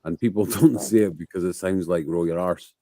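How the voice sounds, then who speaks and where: A man hosts a loose late-night live chat, swearing freely. His voice sits very low and sounds mellow. The recording is dry and close. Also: steady tone, a little fast, no echo. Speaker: host.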